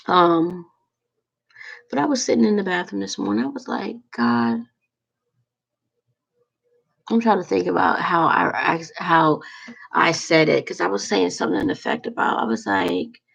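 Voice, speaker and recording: A woman talking to her viewers in a rambling, halting, heartfelt way about prayer and loneliness. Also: medium pitch, vocal fry, poor audio. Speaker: vlogger. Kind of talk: casual heartfelt monologue.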